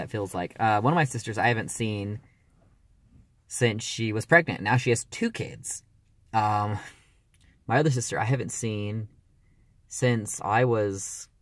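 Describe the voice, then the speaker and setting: Hesitant young man, low voice. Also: a bit bright, no room sound. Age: early 20s. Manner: rambling and hesitant, filler-heavy. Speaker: vlogger. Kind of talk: casual personal vlog.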